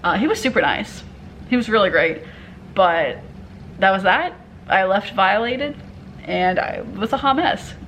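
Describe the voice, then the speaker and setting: A woman's voice: mid-range voice, unhurried, pauses often, slight background noise, poor audio. Candid woman telling a storytime. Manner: candid, animated retelling with profanity and quoted dialogue. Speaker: vlogger. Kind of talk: casual storytime vlog.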